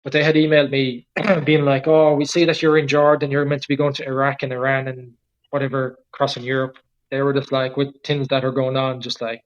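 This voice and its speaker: A man in his thirties with an Irish accent, a guest cyclist telling his travel story in a relaxed, rambling way, full of "like" and "just". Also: mid-range voice, muffled recording. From Ireland. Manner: rambling, filler-heavy, with frequent "like" and "just". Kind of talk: casual storytelling interview.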